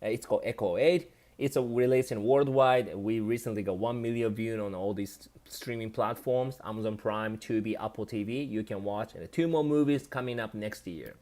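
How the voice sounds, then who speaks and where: Japanese-accented male streamer, slightly low pitch, chatty and loose, reads out viewer comments and replies. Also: moderate pace, hardly any pauses, darkish tone. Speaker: live streamer. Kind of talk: casual live stream chat.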